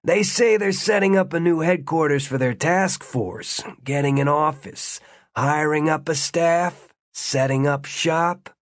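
A man's voice: a little high, no room sound, studio quality, voice pushed up. A man voicing a nosy, sneering male prison guard who talks bluntly and rambles with self-importance in an audiobook.

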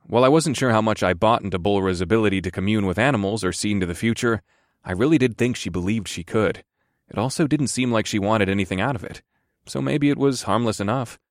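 A man narrating a fantasy audiobook in the first person, measured with a wry edge. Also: fairly low pitch, no room sound, clean studio sound.

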